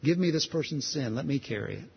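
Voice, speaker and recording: A man preaching who voices the Lord speaking gently and patiently to a believer, in a calm, reassuring tone, softer and lower than his plain preaching. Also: fast, vocal fry, long reverb tail, muffled recording, a little hiss or hum. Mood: gentle, reassuring.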